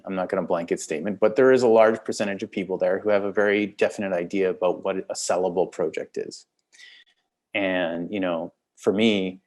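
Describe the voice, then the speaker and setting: A man's voice: deep voice, darkish tone. A man with a Canadian accent, a film director talking casually in an interview, rambling and repeating words as he thinks. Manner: rambling, repeats words, laughs between thoughts.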